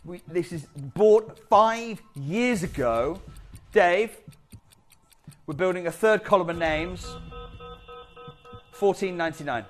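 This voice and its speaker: A man hosts a live shopping broadcast, urging viewers to buy in a quick, chatty patter. His voice sits fairly high for a man. Soft studio music plays faintly underneath. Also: animated. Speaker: shopping channel presenter. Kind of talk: live TV sales pitch.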